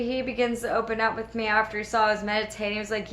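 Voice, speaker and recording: A woman, a regular host of a spiritual video series, telling a personal story in casual, animated talk and acting out the voices of the people in it. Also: mid-range voice, quick pace, few pauses. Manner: animated, laughing often, acts out quoted voices.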